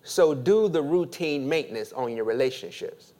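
A man preaching a sermon as pastor, slow and deliberate, asking his congregation for an amen. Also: medium pitch, lively intonation, dark tone.

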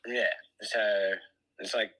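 A man from Australia, calling into a podcast and chatting in a soft-spoken, hesitant way. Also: lowish voice, level tone, takes it slowly, poor audio. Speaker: caller. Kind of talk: casual call-in chat.

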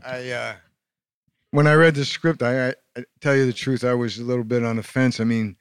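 A man's voice: medium pitch, steady tone, fairly quick, clear, resonant tone, dry recording. Dry-voiced man, joking and candid. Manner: joking, candid, stammering restarts. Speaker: actor on a festival panel. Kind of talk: panel discussion.

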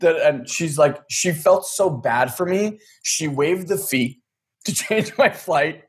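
Animated man telling a story. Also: a little high, takes it slowly. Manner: animated, acts out quoted dialogue, swears casually. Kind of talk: casual storytelling chat.

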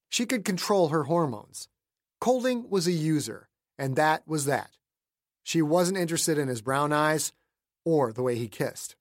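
A man narrating a novel as an audiobook in an even, measured storytelling voice. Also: fairly high pitch, no echo, studio quality. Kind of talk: scripted narration.

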